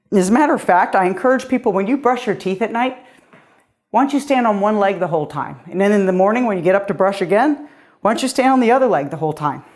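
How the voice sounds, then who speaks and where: Woman, middle-aged, fitness coach, encouraging, slightly breathless, mid pitch. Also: a little mellow. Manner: upbeat, encouraging, motivational. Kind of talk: guided workout instruction.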